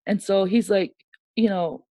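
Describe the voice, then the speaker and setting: A woman's voice: medium pitch, a little slow, dry recording. A woman being interviewed, telling a personal story in a candid, emotional way and acting out the voices of the people in it. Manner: animated storyteller who acts out quoted dialogue. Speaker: guest.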